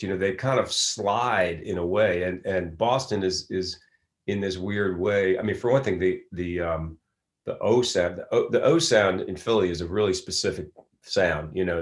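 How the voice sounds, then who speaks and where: Very deep-voiced man telling stories. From Philadelphia, US. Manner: rambling storyteller, many restarts. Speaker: actor guest. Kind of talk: casual interview talk.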